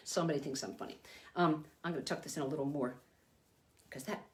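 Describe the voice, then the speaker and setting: A woman's voice: deep voice, quick pace, darkish tone. An older woman, a children's entertainer, giving a chatty, rambling puppet-making lesson with frequent self-corrections.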